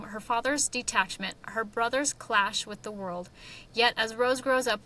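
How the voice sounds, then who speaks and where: A woman with a bright, forceful voice co-hosts a casual book podcast, reading review snippets aloud and tossing in quick, giggly asides. A faint hiss sits under the recording. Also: medium pitch, rough recording. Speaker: podcast co-host.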